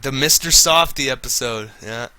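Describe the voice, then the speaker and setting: A man's voice: medium pitch, normal speed, bright, forceful tone, clear, resonant tone. A slightly tipsy man chatting casually while streaming a game, rambling, swearing and laughing. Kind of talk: casual chat while gaming.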